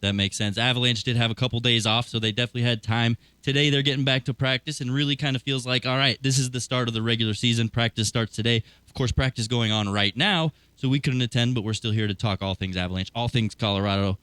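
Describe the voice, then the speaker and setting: A man's voice: medium pitch, steady tone, fairly bright tone, clear, resonant tone, dry recording. A man hosting a sports talk show, chatting in an upbeat, chatty way. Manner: upbeat, chatty and fast-moving. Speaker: host.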